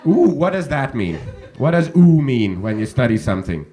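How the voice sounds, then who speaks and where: Lively teasing stand-up comedian, a man. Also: medium pitch, moderate pace. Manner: teasing, chatty questions to the audience. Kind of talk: stand-up crowd work. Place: comedy club stage.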